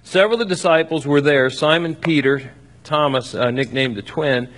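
A man preaching a sermon, acting out scripture with lively swings between loud and soft. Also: a little high, moderate pace. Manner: animated, acts out scripture with shifting loudness. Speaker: pastor.

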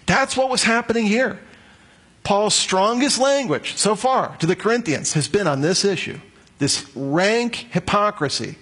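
Male pastor, husky and slightly high-pitched, animated expository preaching. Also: normal speed. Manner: animated expository preaching, acts out quoted voices. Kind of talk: sermon.

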